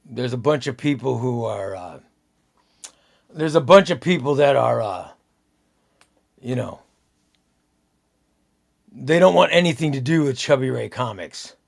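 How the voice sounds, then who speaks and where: A man's voice: medium pitch, expressive, a little slow, gravelly, long pauses. A man hosting a casual live stream, chatting loosely, repeating himself and reading out viewer comments. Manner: rambling, repeats himself, reads out chat comments.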